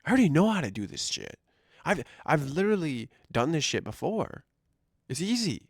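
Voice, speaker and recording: A man's voice: a little high, sing-song, moderate pace, husky, dry recording, studio quality. A man vlogger delivering a profane, exasperated rant about his job. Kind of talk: ranting monologue.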